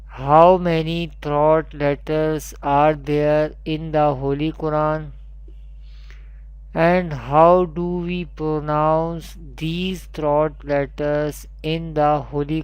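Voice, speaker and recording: A man, teaching an online Quran pronunciation lesson and drilling each letter with slow repetition. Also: on the high side, darkish tone, clear, resonant tone, no room sound.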